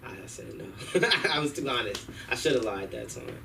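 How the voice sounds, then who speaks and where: A man's voice: medium pitch, sing-song, brisk, vocal fry, bright, forceful tone. A male stand-up comic at an open mic, telling rambling, slangy stories in a loose, casual way. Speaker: stand-up comedian. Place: comedy club open mic. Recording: distant room mic with faint hum.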